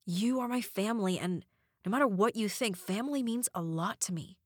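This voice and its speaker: A woman voicing a sarcastic, sneering adult brother who drags out his words in a slow, mocking drawl. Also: medium pitch, darkish tone, slightly rough, dry recording, clean studio sound, close to an everyday voice. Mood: earnest.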